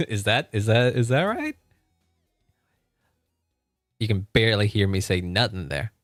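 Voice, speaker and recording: A man's voice: fairly low pitch, big pitch swings, a little slow, a bit bright, dry recording, studio quality, soft background music. A man streaming and chatting casually, laughing often and restarting his sentences.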